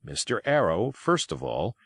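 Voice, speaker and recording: A man's voice: low voice, huge pitch swings, measured pace, husky, dry recording. A man reading a novel aloud as an audiobook, telling it expressively and giving each character a voice. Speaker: audiobook reader. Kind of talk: scripted narration.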